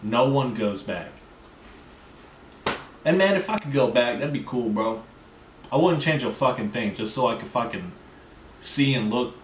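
A man's voice: mid-range voice, lively intonation, normal speed, recorded from a distance. A man hosting a podcast in a rambling, profane, conversational way, talking with a slight lisp. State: coughing. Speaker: podcast host. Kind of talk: casual solo podcast rant. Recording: roomy, off-mic, faint background noise.

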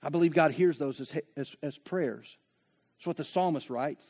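A man with a high voice delivers a sermon. He talks with passion, dropping to a hush and then building to loud, rising appeals. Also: normal speed. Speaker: pastor.

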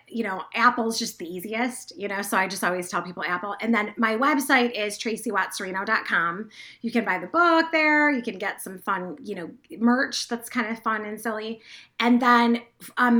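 Woman guest, bright high voice, excitable, rambling. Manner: fast, enthusiastic, rambling. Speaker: guest, business owner. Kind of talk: casual interview chat.

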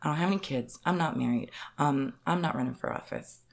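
A woman's voice: sits low, a little fast, gravelly. A woman speaking frankly and with self-assurance in a candid conversation.

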